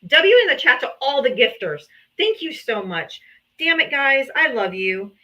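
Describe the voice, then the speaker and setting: A woman's voice: sits high, sing-song, normal speed, bright, forceful tone. A woman hosting a livestream, reading out donations and thanking supporters, emotional and grateful, sometimes laughing or sighing. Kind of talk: casual livestream thank-yous. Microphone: streaming setup.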